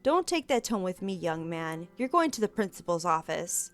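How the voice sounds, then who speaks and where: A woman voicing a stern, pompous male schoolteacher who scolds in a prim, formal way over soft game music. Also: on the low side, big pitch swings, moderate pace, voice pushed down. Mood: scolding.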